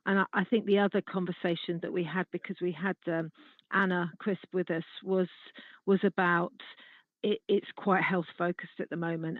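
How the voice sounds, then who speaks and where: A woman's voice: fairly low pitch, no room sound. A woman takes part in a committee meeting, speaking earnestly and circling back on her words as she thinks aloud. Her voice comes through a narrow, phone-like line with a very dry sound. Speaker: committee member. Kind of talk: meeting discussion.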